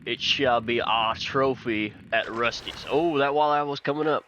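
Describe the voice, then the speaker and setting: A man's voice: mid-range voice, normal speed, highs cut off, slight background noise. A man from Texas, giving folksy, chatty commentary on a fishing game and telling fishing stories. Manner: folksy, chatty, excited when fish bite. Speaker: gaming channel host.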